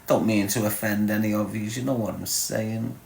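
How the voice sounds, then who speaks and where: A man's voice: lowish voice, steady tone, normal speed, vocal fry, darkish tone, slight background noise. A man with a Liverpool Scouse accent hosting a livestream, bantering crudely and teasing viewers as he reads the chat. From Liverpool, England. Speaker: livestream host reading chat. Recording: echoey room.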